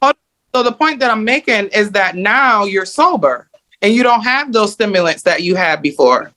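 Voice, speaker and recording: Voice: mid-range voice, animated, moderate pace, sharp tone. Methodical coach counting out points. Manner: methodical, lists points, many fillers. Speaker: mindset coach. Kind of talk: group coaching call.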